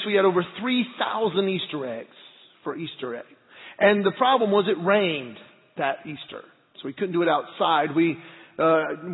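High gravelly-voiced man preaching. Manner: personal storytelling, lively and earnest. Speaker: pastor. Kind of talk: sermon. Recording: tinny phone-like sound with long hall reverb.

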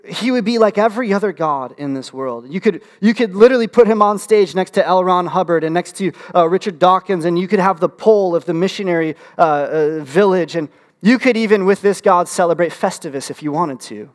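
A man preaching a sermon as pastor, animated and humorous, with frequent restarts and fillers. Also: high voice, fairly quick. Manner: animated, humorous asides with rising excitement.

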